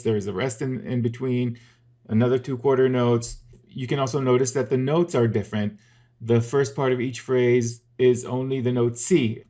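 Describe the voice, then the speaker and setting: A man's voice: mid-range voice, warm tone. A man teaching music theory in a casual, methodical video lesson, explaining step by step with the odd filler.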